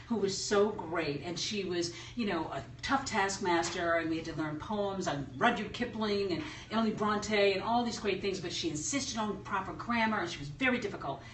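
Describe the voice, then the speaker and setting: A middle-aged woman from the US South, a journalist guest chatting and telling stories in a lively way. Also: mid-range voice, normal speed, hardly any pauses. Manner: lively, laughing storyteller. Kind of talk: casual chat. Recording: roomy echo, far from the mic, faint noise.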